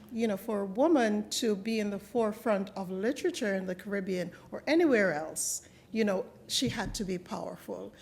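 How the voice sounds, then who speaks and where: A woman's voice: a little high, darkish tone. A woman talking to a live audience at a library event, chatty and explanatory, asking the crowd questions. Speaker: guest poet.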